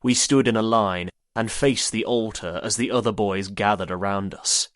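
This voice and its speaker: A man reading a first-person story as an audiobook narrator, in a measured, even way. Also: on the low side, dry recording, clean studio sound.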